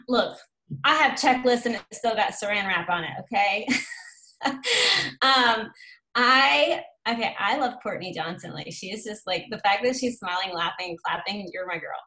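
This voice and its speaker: A woman in her thirties giving an animated, chatty coaching talk on a team call. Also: a little high, echoey room, rough recording. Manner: lively, chatty, acts out quoted voices. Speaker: guest speaker on a team call.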